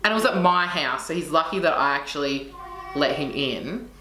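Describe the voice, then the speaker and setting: A woman's voice: low voice, animated, moderate pace, pushed and bright, faint music behind. A young woman telling a story in casual chat, passionate and swearing freely as she acts out what people said. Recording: echoey room with faint noise.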